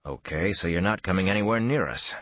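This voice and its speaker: A man doing a sarcastic, gruff private eye. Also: deep voice, animated, a little fast, no room sound, lo-fi sound. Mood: guarded. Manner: sarcastic, exasperated.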